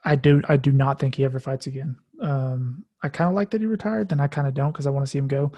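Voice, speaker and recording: A man's voice: medium pitch, steady tone, fast, dark tone. A man co-hosting a casual podcast chat, offhand and hesitant, with many fillers. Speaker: co-host.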